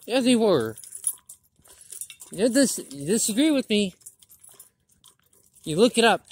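A woman's voice: a little high, sing-song, slow, long pauses, husky. A woman vlogger delivering a blunt, profane political rant, indignant and preachy, with many restarts.

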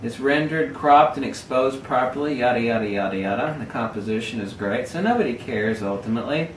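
A man's voice: medium pitch, expressive, fairly quick, slight background noise. A man ranting emphatically and sardonically in a casual camera-gear vlog. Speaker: photography vlogger. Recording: roomy echo, mic at a distance.

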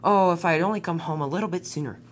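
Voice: mid-range voice, very fast, a little hiss or hum, pitched above the performer's own voice, lightly acted. A narrator voicing an eager young male tank engine who exclaims often in a homemade toy-train story.

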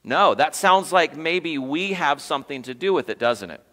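A man's voice: on the high side, expressive, normal speed, bright, forceful tone, big-room sound. A man preaching as pastor to his congregation in a conversational way, quizzing the room as he goes. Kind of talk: sermon. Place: church sanctuary.

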